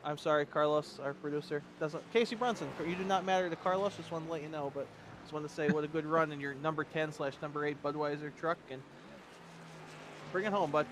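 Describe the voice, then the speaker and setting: A man offers joking, excitable color commentary on a race, talking very fast. His voice is a little high. Steady background noise sits clearly under the recording. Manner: joking, rapid, excitable banter.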